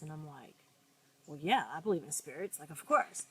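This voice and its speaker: Woman co-host, slightly low voice, animated storyteller who acts out quotes. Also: fairly quick. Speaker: podcast co-host. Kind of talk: casual storytelling chat.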